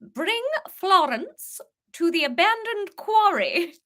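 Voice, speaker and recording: A woman voicing a menacing posh English letter-writer who speaks in a slow, haughty, clipped upper-class manner. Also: very high-pitched, very animated, a bit bright, voice pushed up, full character voice. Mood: regal menace. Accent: posh English (put on).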